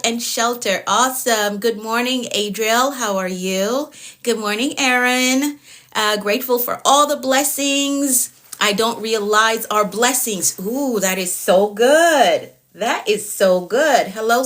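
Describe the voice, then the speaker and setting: Woman, middle-aged, livestream life coach; upbeat, repetitive greetings, slight hoarseness. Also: a little high, fairly bright tone. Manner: upbeat, repeats phrases, greets viewers by name. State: voice getting hoarse. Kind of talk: casual livestream chat greeting viewers.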